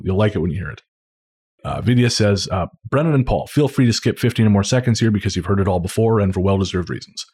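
Low husky man reading listener mail. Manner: relaxed, halting with fillers. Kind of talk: casual chat.

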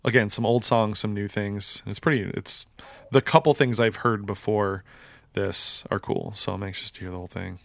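A man's voice: fairly low pitch, fairly even intonation, moderate pace, vocal fry, a bit bright, no echo, clean studio sound. A man co-hosting a music podcast in casual chat, full of filler words and ready to talk music theory. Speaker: podcast co-host.

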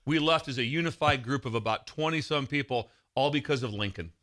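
A middle-aged man hosting a casual talk show, telling a story in an animated, excitable way. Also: mid-range voice, fairly quick. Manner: animated, excitable storyteller who shouts quoted lines. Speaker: radio show host.

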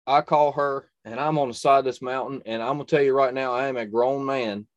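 A man's voice: medium pitch, fairly even intonation, fairly quick, dry recording, dull audio. A young adult man telling a personal hunting story in a conversation, earnest and emphatic, repeating phrases for stress. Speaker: hunter and video creator, guest.

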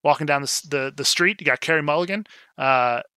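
A man's voice: fairly high pitch, brisk, bright, forceful tone, clean tone, no room sound. A young man casually recapping a film scene, chatty and rambling with lots of fillers and acted-out quotes. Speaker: film discussion co-host.

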